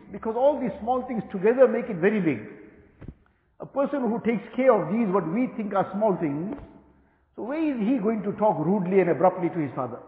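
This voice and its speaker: A man giving a religious lecture as an Islamic teacher, explaining in a measured way, restating each point and reciting Arabic passages. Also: high voice. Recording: tinny, echoey hall recording.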